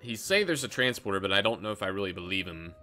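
A young man gives casual, chatty commentary over an online game, with frustrated asides and stumbling restarts. His fairly low voice is expressive, fast, pushed and bright. Faint intro music plays in the background.

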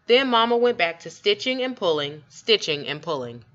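A woman reading a children's story aloud with expressive, lively storytelling. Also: medium pitch, normal speed. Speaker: storybook reader. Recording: dull lo-fi recording.

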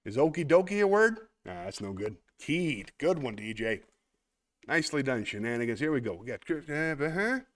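Sing-song and a little high, this man talks at a moderate pace as host of a relaxed livestream. He plays a word game while chatting, thinking out loud and teasing himself, then sincerely thanks his audience in a warm sign-off.

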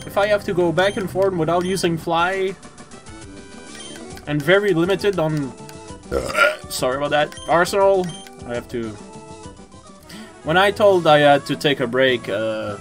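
A young adult streamer giving casual, excitable commentary while gaming, swearing, laughing often and stammering. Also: mid-range voice, measured pace, long pauses, faint music behind.

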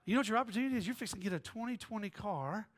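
A male pastor delivers a lively storytelling sermon, slipping in and out of quoted voices and jokes. His voice sits fairly high for a man. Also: racing. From American South. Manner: animated, joking, jumps between quoted voices.

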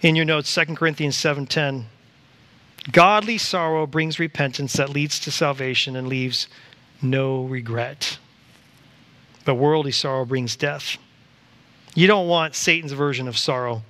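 A man preaching a church sermon, animated and acting out quoted voices to the congregation. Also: fairly high pitch, measured pace, pauses often. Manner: animated, acts out voices of God and Satan. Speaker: pastor. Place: church sanctuary.

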